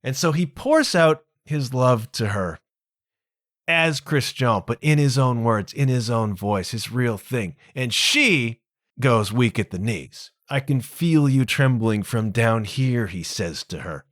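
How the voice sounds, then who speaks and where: A male podcast host with a mid-range voice tells a story with animated emphasis and slips into casual slang. The sound is dry and close, with no room around him. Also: medium pitch, takes it slowly, no echo. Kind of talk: casual solo monologue retelling a play.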